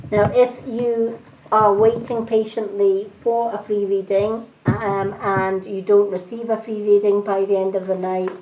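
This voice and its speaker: A woman with a mellow, mid-range voice does chatty tarot card readings on a live stream and thanks her audience. Her accent is Scottish with a mix of other British influences. Expect a dull lo-fi recording with faint background noise.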